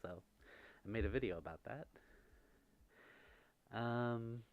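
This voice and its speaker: A man hosting an ASMR livestream, answering viewer messages in a gentle, chatty way, close to the microphone. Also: medium pitch, slow, narrow, tinny audio. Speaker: livestream host.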